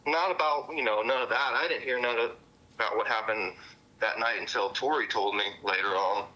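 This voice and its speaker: A man's voice: medium pitch, a little fast, sharp tone, poor audio. A man recounting events to police in a rambling, casual way, full of fillers and cussing. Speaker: witness interviewed by police.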